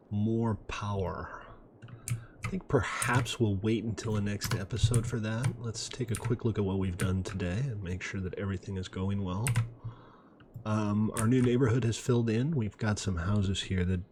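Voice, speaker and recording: Gameplay narrator, man with a lowish voice, laid-back and wry, faint clicking in the background. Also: noisy background. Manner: relaxed, self-deprecating, chatty asides. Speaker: gaming video host. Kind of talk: casual gameplay commentary. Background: faint mouse clicks and typing.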